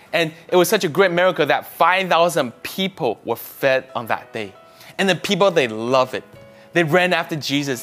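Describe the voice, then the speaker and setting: A man's voice: on the high side, fairly bright tone. A man preaching a sermon, emphatic, pushing up on key words and often restarting his phrases. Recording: faint music behind.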